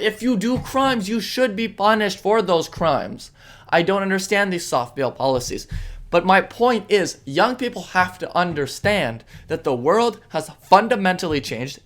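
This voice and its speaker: A man's voice: high voice, fairly bright tone. A man holds forth alone on his podcast in a heated political rant. He talks bluntly and with passion, often in a sarcastic tone. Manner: impassioned and blunt, with sarcastic mock-voices. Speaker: podcast host.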